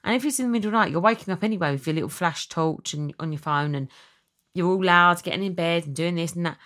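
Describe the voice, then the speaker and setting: A woman's voice: fairly low pitch, quick pace, a bit bright. A woman hosting her podcast in emotional, chatty talk full of likes and ums. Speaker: podcast host. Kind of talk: casual chat.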